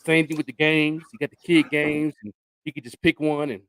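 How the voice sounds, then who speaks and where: A man's voice: fairly high pitch, fairly quick, noisy background. An older man and radio show host, telling stories in casual chat, laughing often. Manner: animated storyteller, laughing often.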